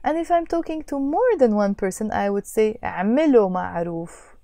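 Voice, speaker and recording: A woman teaching a language lesson, patiently explaining and repeating phrases slowly. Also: mid-range voice, animated, warm tone, no echo, clean studio sound.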